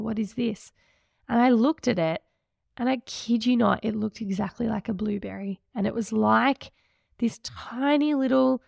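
Gravelly-voiced woman telling her story. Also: a little high, no room sound, clean studio sound. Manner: candid, emotional, reflective. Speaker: podcast host. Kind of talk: personal storytelling podcast.

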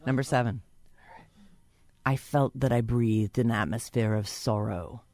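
A woman's voice: very deep voice, measured pace, a little mellow. A woman hosting a radio show with a cold, teasing her co-host and reading quiz quotes aloud. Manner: teasing, laughs often, reads quotes dramatically. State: has a cold. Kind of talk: casual radio chat, quizzing a co-host.

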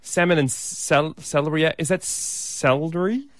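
A man's voice: a little high, sing-song, brisk, fairly bright tone, no echo, clean studio sound. An Australian man co-hosting a radio breakfast show, cracking jokes and playfully mocking in banter.

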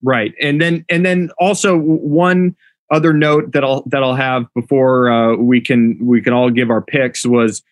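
A man's voice: medium pitch, fairly even intonation, a little slow, no room sound. Man in a dry, close podcast sound. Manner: analytical, reading out club data. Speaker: producer. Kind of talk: casual podcast discussion.

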